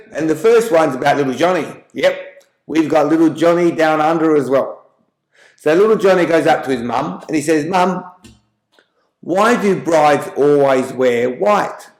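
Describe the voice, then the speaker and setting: Australian man telling jokes, easygoing and chatty, fairly high voice, echoey room. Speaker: joke-telling channel host. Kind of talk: casual joke telling. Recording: roomy echo.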